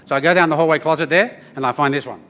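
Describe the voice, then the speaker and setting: An Australian man tells humorous stories to a live audience in a bright, forceful voice that sits high for a man. He keeps it loose and chatty, tossing "yeah?" and "eh?" to the room. He moves between jokes and demonstration at an event. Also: rapid-fire. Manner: joking, chatty, often ends with "yeah?" and "eh?". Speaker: artist giving a talk and didgeridoo demonstration. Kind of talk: humorous storytelling presentation. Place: corporate event space at a briefing.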